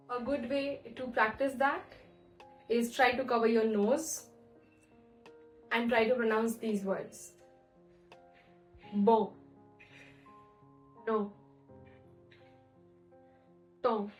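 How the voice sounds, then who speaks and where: A woman teaching French pronunciation in an online lesson, explaining clearly and slowing down to model words. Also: on the high side, steady tone, faint music behind, poor audio.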